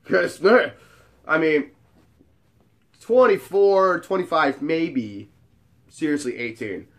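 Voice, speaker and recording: A man's voice: on the high side, expressive, slow pace, fairly bright tone. A man in his twenties, a bartender telling a story in a casual way and acting out the dialogue. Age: 20s.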